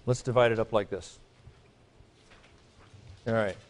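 A man's voice: on the low side, steady tone, measured pace. A middle-aged man teaching a Greek grammar class, lecturing in a chatty way with joking asides and frequent checks with his students.

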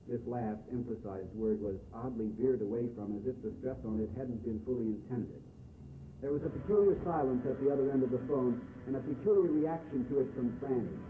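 A man's voice: medium pitch, a little fast, distant mic. Man reading aloud in an echoey, tinny room. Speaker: reader and teacher. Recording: echoey, phone-like, faint hiss.

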